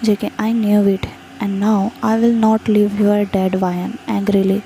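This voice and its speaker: A woman voicing a heartbroken, then determined young man in a fan fiction story reading, with a flat, even delivery. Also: medium pitch, measured pace, slight background noise, close to an everyday voice, low-quality recording.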